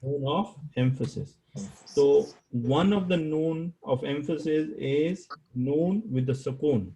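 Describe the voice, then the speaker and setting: A man teaching an online Arabic grammar class over a video call, slow and patient, repeating key terms and quizzing his students. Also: on the high side, mellow, slight background noise, poor audio. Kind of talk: live online class lecture.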